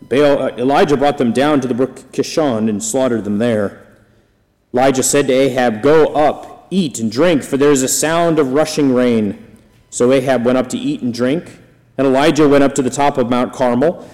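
A man reads scripture aloud with dramatic emphasis, his voice climbing on the quoted lines. His pitch sits in the middle range. A long reverb trails his words, as if he were in a large hall. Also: warm tone. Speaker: scripture reader. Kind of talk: expressive scripture reading.

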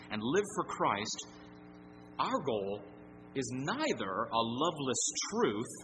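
A middle-aged male pastor preaching an evening sermon, earnest and emphatic, repeating key phrases for weight. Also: medium pitch. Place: church sanctuary. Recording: long hall reverb with background hum.

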